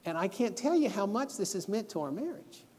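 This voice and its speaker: In a church auditorium with long hall reverb, a middle-aged guest preacher delivers a sermon lesson in a fairly quick voice that sits high and swings widely in pitch. He shares personal stories and hands out homework, earnest and instructive throughout.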